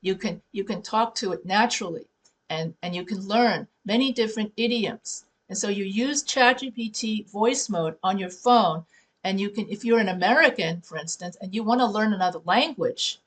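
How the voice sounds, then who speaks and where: Speaking at a normal speed in a mid-range voice, a woman who teaches writing chats through advice for her class. Her delivery is conversational, full of restarts and self-corrections.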